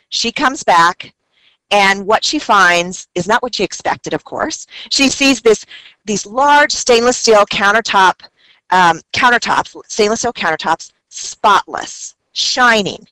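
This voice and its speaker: A woman presenting a recorded webinar. She teaches through anecdotes and adds quick asides as she talks. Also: medium pitch, sharp tone, no room sound, rough recording.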